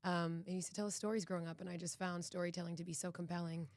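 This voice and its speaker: A woman's voice: on the low side, flat delivery, very fast, darkish tone, slight background noise. A woman from Boston, an actress guest on a podcast, talking in an earnest, reflective way with frequent restarts. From Boston, United States. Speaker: actress and executive producer, guest. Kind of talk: casual podcast interview.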